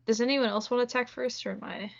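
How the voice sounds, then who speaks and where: A woman's voice: a little high, fairly even intonation, fast talker, vocal fry. A woman playing in a tabletop game, thinking aloud and hesitating as she picks her moves. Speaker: player. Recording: dull lo-fi audio.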